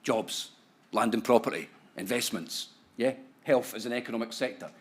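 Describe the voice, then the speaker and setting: Scottish male economist, mid-pitched, joking, chatty conference speaker with lots of tag questions. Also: normal speed, breathy edge. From Scotland. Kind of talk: conference talk to a live audience. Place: conference hall.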